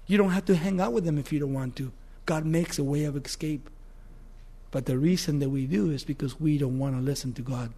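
A male preacher with a high-pitched voice gives an animated sermon. He retells scripture as a vivid story and often puts questions to his listeners. His delivery moves between excited and grave.

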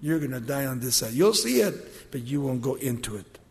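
A man preaching acts out God as a calm, fatherly voice who talks casually and scolds gently. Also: medium pitch, moderate pace, creaky, voice pushed down. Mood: stern. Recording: long hall reverb.

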